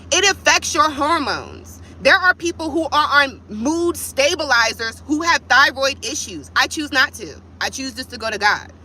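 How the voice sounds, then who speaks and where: A woman's voice: high-pitched, pushed and bright, slight background noise, poor audio. Fired-up woman venting on a livestream. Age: adult with kids. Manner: blunt, profane, fired up, talks straight to viewers. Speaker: vlogger on a livestream. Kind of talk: heated livestream vent.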